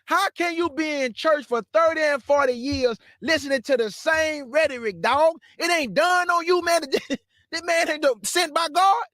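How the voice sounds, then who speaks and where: Brief: man, very high voice, fiery mocking preacher, dry close sound. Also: no room sound. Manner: blunt, mocking, scolding the listener directly; bursts into shouts. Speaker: preacher and show host. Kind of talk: fiery street-style preaching rant.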